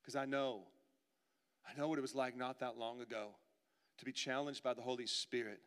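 A man preaching a sermon as pastor, swinging from loud pleading to near-whispers. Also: medium pitch, steady tone, moderate pace, clean tone. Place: church sanctuary. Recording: long reverb of a church hall.

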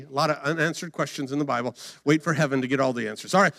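Male preacher, dramatic sermon, high lively voice, dry close sound. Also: quick pace, gravelly, hardly any pauses, dry recording. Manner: dramatic, acts out the story, hums and sings filler.

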